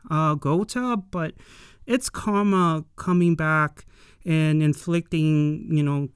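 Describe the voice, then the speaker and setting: Slow, rambling episode reviewer. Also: medium pitch, smooth, no room sound, studio quality. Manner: rambling, filler-heavy, opinionated. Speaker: anime and tokusatsu episode reviewer. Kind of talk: casual episode recap and commentary.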